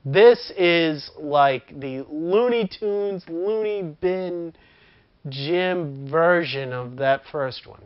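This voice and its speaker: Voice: mid-range voice, very slow, clear, resonant tone. Chatty film reviewer who laughs often; mid-range voice, dull lo-fi recording. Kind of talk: casual movie review.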